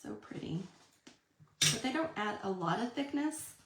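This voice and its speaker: A woman's voice: a little high, lively intonation, normal speed, background noise. A woman, chatting through a live card-making demonstration and answering viewer comments. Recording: echoey room.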